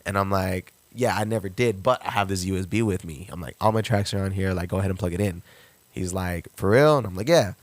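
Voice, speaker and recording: A young man telling a story on a podcast, lively, leaping up in pitch when he acts out quotes. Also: fast, no room sound. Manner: animated, jumps pitch to act out quotes. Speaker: podcast guest, rapper. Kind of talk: casual storytelling.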